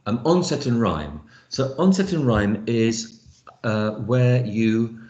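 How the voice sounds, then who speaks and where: A man's voice: mid-range voice, expressive, takes it slowly, darkish tone, echoey room, muffled recording. A man teaching an online phonics lesson, explaining step by step with frequent fillers. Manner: explanatory, thinks aloud with fillers. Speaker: lecturer.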